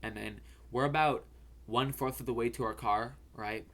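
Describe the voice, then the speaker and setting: A man's voice: mid-range voice, steady tone, moderate pace, fairly bright tone. A young man hosting a fantasy football video, telling a story in a rambling way, stammering and repeating words and swearing casually.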